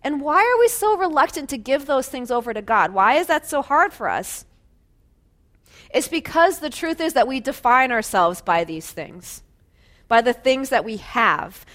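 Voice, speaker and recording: A woman's voice: high voice, a bit bright. A woman preaching a sermon in a conversational way, asking listeners rhetorical questions and laughing lightly between phrases.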